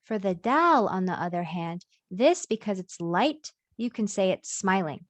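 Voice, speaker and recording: A woman's voice: medium pitch, expressive, a little slow, dry recording. A woman teaching a reading lesson, patiently sounding out letters and repeating each one for learners to follow. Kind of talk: slow step-by-step reading lesson.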